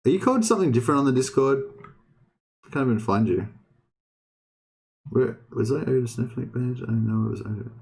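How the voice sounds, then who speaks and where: A young man hosting a livestream, talking loosely to his chat at a middling pitch. He rambles, restarts his sentences and swears offhandedly, in a relaxed, casual way. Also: moderate pace, gravelly, long pauses. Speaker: streamer.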